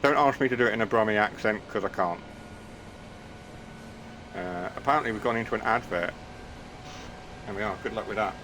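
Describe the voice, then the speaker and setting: A man's voice: lowish voice, a little fast, pauses often, background noise. A man chatting casually on a live stream, rambling and self-deprecating.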